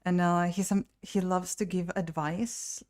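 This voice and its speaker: Low-voiced woman venting on a stream. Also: steady tone, measured pace, a little mellow. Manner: rambling and exasperated, many restarts. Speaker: live streamer and painter. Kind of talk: casual live-stream chat.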